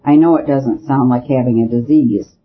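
A man's voice: mid-range voice, fairly even intonation, moderate pace, natural voice. A man voicing a small, thoughtful priest detective who talks in a careful, hesitant way. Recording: dull lo-fi recording with faint hiss.

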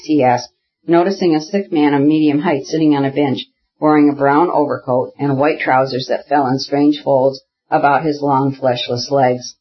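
A man narrating a classic novel as an audiobook in a measured, even manner. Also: mid-range voice, breathy edge. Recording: dull lo-fi audiobook recording.

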